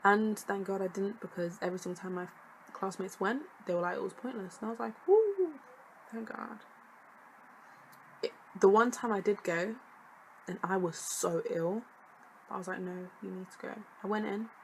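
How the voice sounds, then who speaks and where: A woman's voice: medium pitch, fairly even intonation, moderate pace, slight background noise, rough recording. A young woman, a student vlogger chatting casually to camera, sassy and jokey with lots of laughing asides. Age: young adult.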